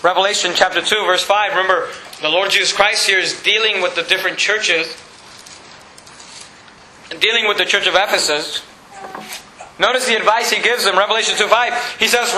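Male preacher, high bright voice, emphatic, echoey church hall. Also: fast talker, slight background noise. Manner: emphatic, rising to high excited peaks. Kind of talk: sermon.

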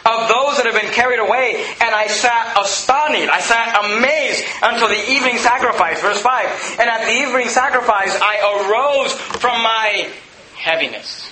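A man's voice: extremely high pitch, normal speed, bright, forceful tone, echoey room, low-quality recording. A man preaching a sermon as pastor of his church, impassioned and repeating phrases as he builds his points.

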